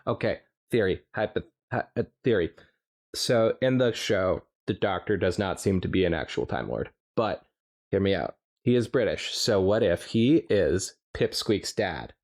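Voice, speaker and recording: Low-voiced man reading aloud playfully. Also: unhurried. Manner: playful, jokey, animated reading. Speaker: podcast co-host reading fanfiction. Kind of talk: reading aloud with casual chat.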